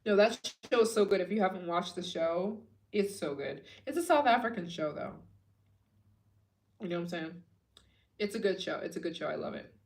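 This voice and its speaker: A tired young woman hosts a late-night livestream, talking loosely to her viewers. Her speech wanders with fillers and restarts, often sinking to a low, sleepy murmur before she perks up again. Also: expressive, moderate pace, gravelly. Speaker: travel vlogger hosting a fundraiser livestream.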